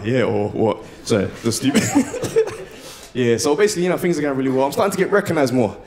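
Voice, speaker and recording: A young man doing a slangy, animated stand-up comedy set. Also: lowish voice. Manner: animated, slangy, swings into loud shouted bits. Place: live comedy venue with audience.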